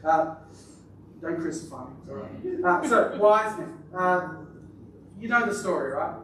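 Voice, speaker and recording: A man's voice: high-pitched, very animated, measured pace, a bit bright, a little hiss or hum. A man preaching a chatty, joking sermon in church, drawing responses from the congregation. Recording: echoey church from far off.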